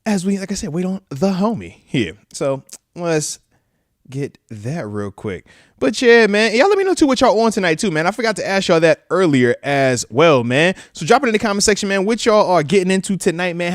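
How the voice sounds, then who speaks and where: On his casual football livestream, a man in his thirties talks loosely and animatedly, peppering nearly every line with "man" and tossing in playful asides. He has a high voice at normal speed, recorded dry on a close microphone that captures his breaths.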